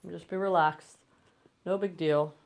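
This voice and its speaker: Calm woman dog trainer teaching at home. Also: on the low side, measured pace. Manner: coaxing praise to dogs between calm explanations. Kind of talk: instructional demonstration. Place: home bedroom, indoors. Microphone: phone camera.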